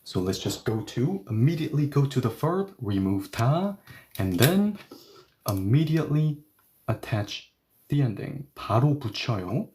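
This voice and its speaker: A man teaching a grammar lesson, explaining patiently step by step and repeating example sentences slowly. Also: medium pitch, sing-song, noisy background. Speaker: Korean language teacher.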